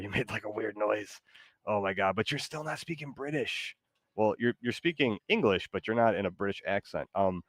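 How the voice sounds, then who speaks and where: Rambling, deep-voiced male streamer. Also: dry recording, clean studio sound. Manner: loose, excitable, rambling, lots of fillers. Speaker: gaming streamer. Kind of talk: casual live commentary while playing.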